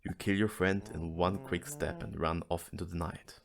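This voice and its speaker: A man reading an AI-generated adventure story aloud in a deadpan manner. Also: deep voice, moderate pace, vocal fry, a crowd in the background.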